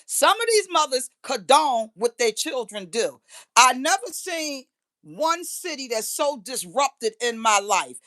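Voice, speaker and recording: A woman's voice: sits high, very animated, a little slow, pushed and bright. A middle-aged woman, ranting bluntly and profanely on a live stream and repeating phrases for emphasis. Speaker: livestreamer. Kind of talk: impassioned live-stream rant.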